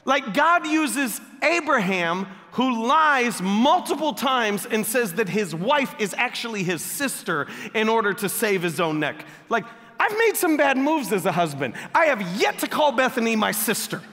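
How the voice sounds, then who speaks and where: High, bright-voiced pastor preaching. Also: male voice, unhurried. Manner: animated, joking and conversational. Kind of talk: sermon. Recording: long echoey hall reverb.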